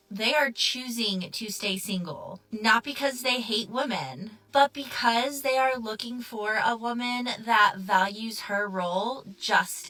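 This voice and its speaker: A woman's voice: medium pitch, sharp tone, recorded from a distance, rough recording. A woman giving an earnest, emphatic opinion monologue.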